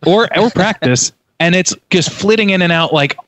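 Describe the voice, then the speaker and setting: A young man co-hosts a casual podcast reviewing a film, reading trivia aloud and swearing now and then. His voice sits high and fairly bright, at a normal speed.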